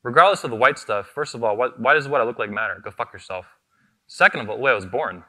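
A man with a medium-pitched, sharp voice speaks quickly and with lively intonation. He is the convention's founder, delivering a fiery keynote on stage into a microphone, combative and profane, hammering away at short repeated phrases.

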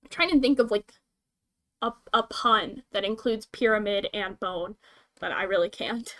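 A woman's voice: mid-range voice, moderate pace, a bit bright. A woman streamer chatting casually, giggling often and rambling from one thought to the next. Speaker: streamer host. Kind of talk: casual chat.

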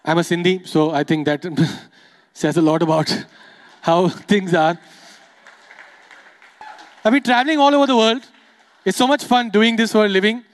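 A young adult man from Dubai performing a stand-up comedy set, chatting quickly and playfully with the crowd. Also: sits high, fairly even intonation.

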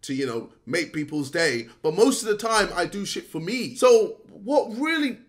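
A man ranting straight to camera in a frustrated, scolding way, sometimes shouting and laughing between points. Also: sits high, sing-song, moderate pace. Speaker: YouTuber. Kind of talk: direct-to-camera rant.

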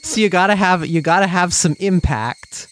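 A woman with a fairly low voice co-hosting a let's play. She speculates about the story in a casual chat and slips in dry puns. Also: moderate pace.

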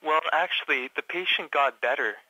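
A man from Canada, a guest in a casual interview, telling his story haltingly with many fillers and restarts. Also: a little high, sharp tone, dry recording, poor audio. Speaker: patient guest.

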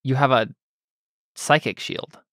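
Halting, relaxed male game master. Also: medium pitch, no room sound, clean studio sound. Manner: loose, halting narration with many fillers and restarts. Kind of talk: running a tabletop game, casual.

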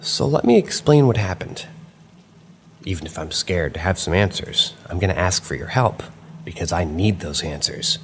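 A man narrating true paranormal stories in a measured, dramatic way, drawing out key phrases slowly. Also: low voice, expressive, slight background noise. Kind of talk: scripted narration.

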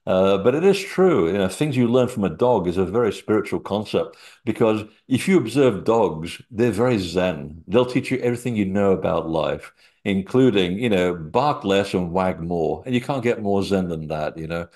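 A low-pitched man chats as an interview guest. He wanders through anecdotes, filling pauses with frequent hesitations. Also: animated, darkish tone. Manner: rambling anecdotal storytelling with frequent fillers. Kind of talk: casual chat.

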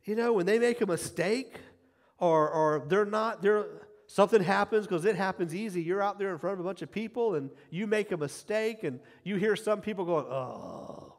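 A middle-aged man preaching a sermon as pastor, emphatic, repeating key phrases and swinging from quiet asides to loud cheering. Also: high-pitched, normal speed. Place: church sanctuary. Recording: long hall reverb.

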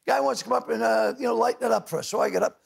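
Gravelly older man telling stories. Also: extremely high pitch. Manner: loud rapid storyteller, doing voices of others. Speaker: talk show guest. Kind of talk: storytelling anecdotes on a talk show. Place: TV studio with audience.

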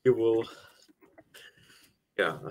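Slow, terse young man hosting a stream. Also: on the low side, a little mellow, slight background noise. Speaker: stream host. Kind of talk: casual chat.

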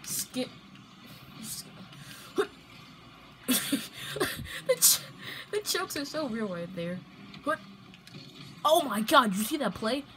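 A woman's voice: a little high, sing-song, extremely slow, pauses often, noisy background. Young woman gushing over a car-soccer game. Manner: playful, loud outbursts, repeats "no, no, no". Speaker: gameplay commentator. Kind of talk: excited gaming commentary.

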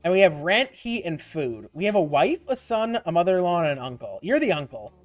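Excitable young man with a lively high voice. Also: a little fast, soft background music. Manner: excitable, swears a lot, sudden yelps. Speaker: gaming channel host. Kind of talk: casual let's-play commentary.

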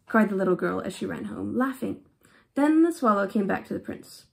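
Gravelly woman reading a fairy tale. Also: mid-range voice, moderate pace. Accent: affected English-style accent. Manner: expressive, with short explanatory asides. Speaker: storybook reader.

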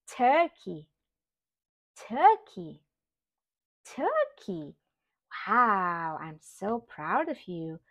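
Slow sing-song woman reading to a toddler. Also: medium pitch, sing-song, gravelly. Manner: repetitive, sing-song, imitates animal sounds. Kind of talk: slow read-aloud for babies.

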